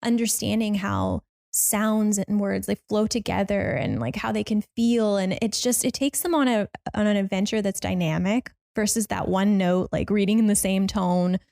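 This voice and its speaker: A woman's voice: medium pitch, moderate pace, creaky, few pauses, a little mellow. A woman co-hosting a podcast, chatting casually and enthusiastically, with rambling sentences full of "like". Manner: enthusiastic, rambling, lots of fillers. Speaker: podcast producer and co-host. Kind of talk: casual chat.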